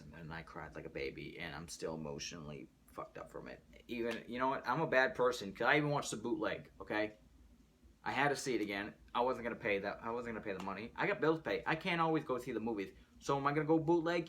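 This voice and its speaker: A man hosting his own movie news show, talking casually in a rambling, animated way and swearing freely. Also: on the low side. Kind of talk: casual solo movie commentary.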